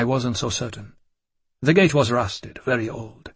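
This audiobook narrator, a man, tells a gothic novel in the first person with measured drama. His husky, ordinary-pitched voice carries a fairly bright tone. The audio is close and dry, lacking room echo.

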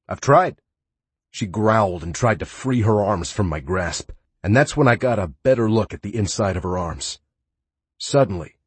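A man's voice: on the low side, breathy edge, no room sound. A man giving first-person audiobook narration in a sarcastic, playful and brash manner.

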